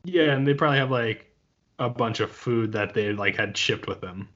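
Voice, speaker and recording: A man's voice: medium pitch, normal speed, a bit bright, muffled recording. A man co-hosting a casual podcast chat, playfully spinning wild hypotheticals. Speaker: podcast co-host.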